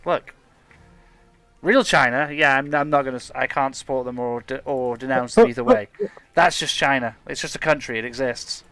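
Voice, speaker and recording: A man with a bright, forceful voice, talking over his gameplay on a podcast. He is brash and jokey and swears freely. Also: mid-range voice, lively intonation, moderate pace, vocal fry, dry recording, faint music behind. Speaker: podcast co-host playing a video game. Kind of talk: casual chat with live gameplay commentary.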